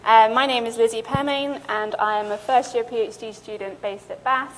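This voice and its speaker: A woman's voice: fairly high pitch, fairly even intonation, moderate pace, fairly bright tone, slight background noise. A young woman, a PhD student, giving a conference talk, presenting steadily with the odd filler. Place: lecture hall. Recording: lecture hall with long reverb.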